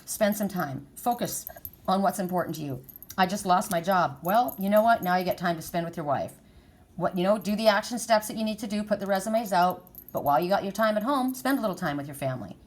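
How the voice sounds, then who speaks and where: A woman's voice: medium pitch, expressive, fast talker, darkish tone. A middle-aged woman giving a spiritual oracle card reading, talking in an emphatic, repetitive, encouraging way.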